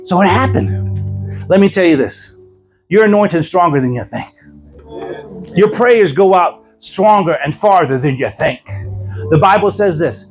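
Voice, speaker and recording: A male evangelist preaching to a church congregation, telling a story with lively voices for the people in it. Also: sits high, measured pace, pauses often, soft background music, poor audio. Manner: animated, acts out voices of people in his story. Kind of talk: sermon storytelling.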